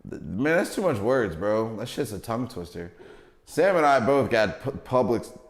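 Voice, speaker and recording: A male podcast co-host with a medium-pitched voice, big pitch swings and a moderate pace chats casually on a livestreamed show. He's laid-back and slangy in his banter and laughs often, heard through a livestream mic in an echoey room.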